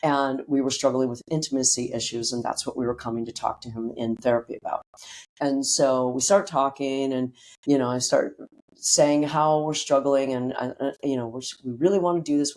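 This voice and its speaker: A middle-aged woman guest tells a personal story in a lively, conversational way. She acts out what people said and swears casually. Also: rumbling low. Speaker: guest, breathwork teacher. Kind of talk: personal storytelling in a podcast interview.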